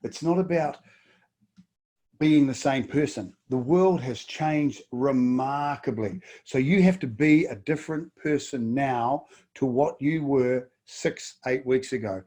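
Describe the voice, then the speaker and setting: A middle-aged New Zealand man, a business coach, delivers a webinar in a medium-pitched, dark voice, taking his time. He's emphatic, repeating words and firing off rhetorical questions.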